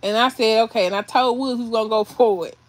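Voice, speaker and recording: A woman livestreaming from her phone, her voice pitched a little high. She rambles through an emotional story, restarting and repeating phrases, audibly shaken. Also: fast. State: shaky, emotional. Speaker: vlogger doing a livestream. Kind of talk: emotional casual storytelling to viewers. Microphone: phone or webcam on a livestream.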